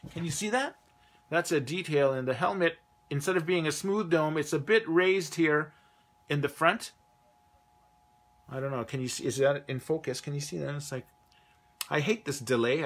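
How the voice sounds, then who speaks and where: Canadian man, live-stream toy host, bright forceful voice, loose rambling delivery. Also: on the high side. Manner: rambling, chatty, trails off mid-thought. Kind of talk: casual live-stream chat.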